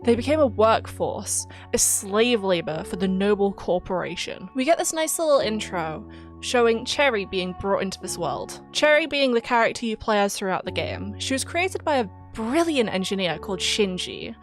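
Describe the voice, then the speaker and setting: A woman's voice: medium pitch, animated, normal speed, soft background music. A young British woman with a British accent narrating a video essay about a game in a chatty, giggly, self-deprecating way. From Britain. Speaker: YouTuber.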